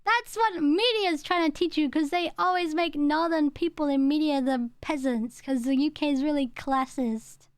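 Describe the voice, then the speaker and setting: A woman's voice: high voice, moderate pace, hardly any pauses, no echo, clean studio sound. A young woman, chatting casually with her stream chat, rambling and laughing as she goes. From England.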